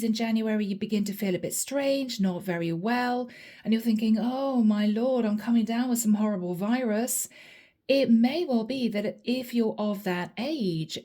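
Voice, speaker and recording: Mellow-voiced woman giving a chatty reading. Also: fairly high pitch, normal speed. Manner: chatty, repeatedly addresses the listener by sign. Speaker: tarot reader. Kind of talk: channeled reading to camera.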